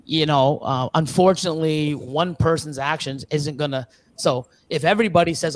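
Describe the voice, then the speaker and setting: A man from Canada talking casually on a live stream, rambling earnestly with many restarts and fillers, sometimes mimicking other people in quick bursts. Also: fairly high pitch. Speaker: reptile breeder guest.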